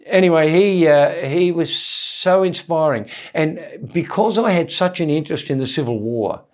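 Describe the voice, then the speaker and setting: Lively older Australian comedian telling stories. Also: male voice, fairly high pitch, moderate pace. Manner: animated, acts out voices, stammered restarts. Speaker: comedian, guest. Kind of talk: anecdotal storytelling in conversation.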